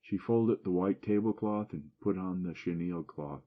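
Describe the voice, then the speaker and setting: A man's voice: low voice, steady tone, moderate pace, few pauses, highs cut off. A man reading a classic short story aloud as an audiobook, lifting his voice for the dialogue and dropping it for the narration.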